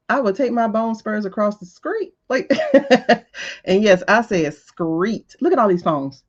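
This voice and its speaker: A woman's voice: mid-range voice, a little slow, highs cut off. A woman hosting a livestream who comments on a news clip in casual, exasperated talk. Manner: animated, exasperated, laughing, talks back to the screen. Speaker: livestream host reacting to a video.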